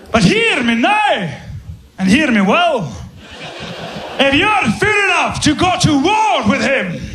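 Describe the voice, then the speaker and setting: A man voicing a bold Scottish nobleman with a Scottish accent, booming out drawn-out proclamations. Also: fairly bright tone, heavily acted. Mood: grandiose warning. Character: bold Scottish nobleman in a kilt, grandly theatrical.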